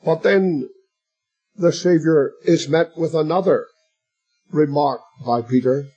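Slow, husky preacher man. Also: fairly high pitch, lo-fi sound. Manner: slow and emphatic, swelling to shouts at climaxes. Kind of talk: sermon.

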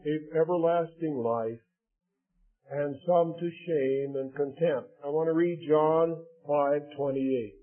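A man preaching a sermon in a solemn, measured way, reading scripture aloud between his own remarks. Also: on the high side. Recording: tinny phone-like lo-fi recording.

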